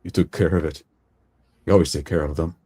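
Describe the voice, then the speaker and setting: Guy doing a tired old village priest, soft, trailing off, dark mellow tone. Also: very deep voice, steady tone, brisk, slightly rough. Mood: weary. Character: frail old male village priest, gentle and weary.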